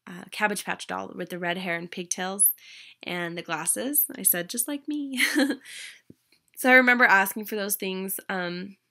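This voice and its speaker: A young adult woman casually telling a personal story to the camera, chatty, with many ums and restarts and animated quoted lines. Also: mid-range voice, normal speed, gravelly. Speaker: vlogger.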